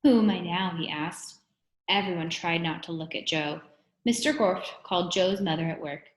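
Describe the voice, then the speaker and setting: A woman with a lowish voice reads a children's book aloud, giving each character's line some expression. The recording carries a noticeable room echo. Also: normal speed. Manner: expressive storytelling, acts out the characters' lines. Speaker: reader. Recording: roomy echo.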